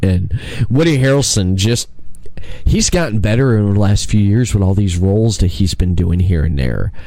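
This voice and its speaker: A man hosting a podcast in casual chat, an animated storyteller who laughs a lot and restarts his sentences. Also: fairly low pitch, moderate pace. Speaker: podcast host.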